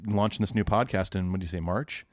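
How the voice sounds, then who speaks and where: A man's voice: deep voice, steady tone, fast, dry recording, studio quality. A man co-hosting a podcast, reading emails in a laid-back, agreeable casual chat. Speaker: podcast co-host.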